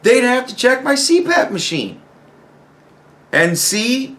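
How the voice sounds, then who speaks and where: A man's voice: very high voice, big pitch swings, takes it slowly, fairly bright tone. A man giving ranting personal commentary as host, exasperated and profane, firing off rhetorical questions.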